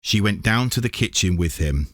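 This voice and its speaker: A man calmly reading a classic children's storybook aloud. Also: low voice, normal speed, no room sound, clean studio sound. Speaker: reader. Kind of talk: storybook narration.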